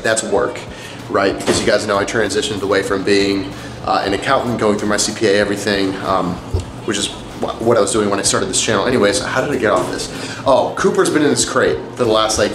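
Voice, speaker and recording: A man's voice: fairly low pitch, noisy background. A young man talking casually to camera in a rambling, chatty way, full of "like" and "um". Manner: rambling, chatty, says "like" and "um" a lot. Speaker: fitness vlogger. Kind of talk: casual vlog talk to camera. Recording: echoey room with faint background music.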